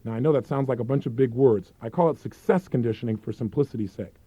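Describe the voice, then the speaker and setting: A man presenting a self-help program in an emphatic, persuasive infomercial sales pitch. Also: fast talker, mellow, husky, dry recording. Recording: dull, dry lo-fi recording.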